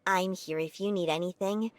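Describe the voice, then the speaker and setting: A man voicing a polite young woman who works as a motel receptionist, in a chirpy sing-song falsetto while reading game dialogue aloud. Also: steady tone, moderate pace, lightly acted.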